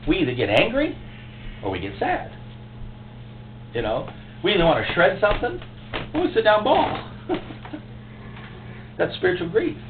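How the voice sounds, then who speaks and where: A man preaching a sermon as pastor, emotional and impassioned, with sudden loud outbursts. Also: high-pitched, wildly swooping pitch, moderate pace, long pauses. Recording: echoey, tinny phone-like recording with faint hum.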